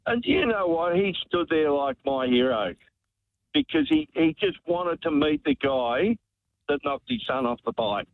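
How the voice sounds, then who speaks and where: A man's voice: on the high side, sing-song, unhurried, no echo. An Australian man calling a talkback radio show, telling a heartfelt story in a rambling way that repeats words. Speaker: radio caller. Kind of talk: emotional talkback call. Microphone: telephone. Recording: tinny phone line, dry.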